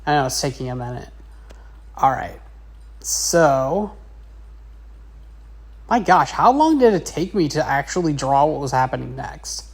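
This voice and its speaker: A woman's voice: low voice, animated, unhurried, long pauses, slightly rough. A woman teacher narrating a casual drawing lesson in a chatty, rambling way. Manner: chatty, rambling, with many fillers.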